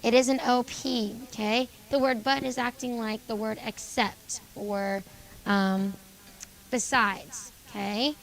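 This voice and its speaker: Woman, teacher, classroom grammar lesson, calls on students, fairly high, gravelly. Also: fairly even intonation, rough recording. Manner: brisk, calls on students by name and confirms answers. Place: school classroom.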